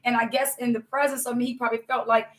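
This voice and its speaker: Woman preacher, high voice, fervent testimony, talks straight to the congregation. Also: flat delivery, quick pace. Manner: fervent, repetitive, addresses listeners as y'all. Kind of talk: impassioned testimony sermon.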